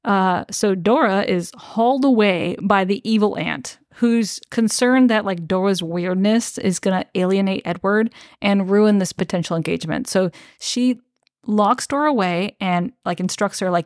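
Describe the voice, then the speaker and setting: A woman's voice: medium pitch, moderate pace, a little mellow, no echo, clean studio sound. A woman co-hosting a podcast, casually recapping a novel, swearing freely and acting out characters' lines. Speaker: podcast co-host. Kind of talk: casual book-discussion chat.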